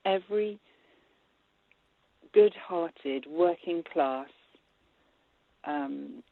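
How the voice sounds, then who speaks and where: A woman film director talking in an interview, animated and laughing, with many restarts. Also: on the low side, very slow, vocal fry, long pauses, no room sound. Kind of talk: interview conversation. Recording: tinny phone-line sound.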